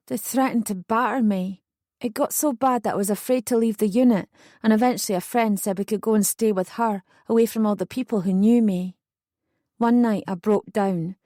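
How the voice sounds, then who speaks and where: A woman reading a first-person true story as an audiobook narrator, in steady, earnest scripted narration. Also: mid-range voice, no room sound, clean studio sound.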